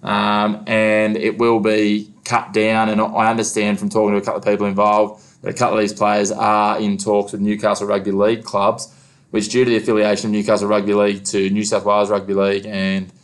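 A laid-back Australian man hosts a casual sports chat in a low, even voice that barely rises or falls. He fills his talk with "mate" and easy asides. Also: quick pace. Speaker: local sports radio host.

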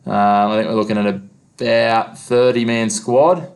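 A man's voice: medium pitch, unhurried, creaky, darkish tone. An Australian man hosting a local sports show, talking casually and calling his co-host "mate" often. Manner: laid-back, says "mate" often.

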